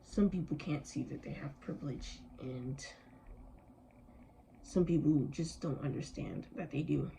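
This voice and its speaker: A young woman speaks in an angry, worn-out, emphatic way and does not hold back her language. Her voice is low, dark and gravelly. A faint hiss runs under the recording. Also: measured pace, low-quality recording. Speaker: vlogger. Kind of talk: impassioned personal vlog.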